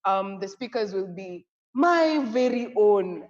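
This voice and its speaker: A young woman with a Kenyan accent co-hosting a live online conference, effusive and excitable, often breaking into laughter. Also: mid-range voice, slow. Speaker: conference co-host. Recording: echoey, dull lo-fi audio.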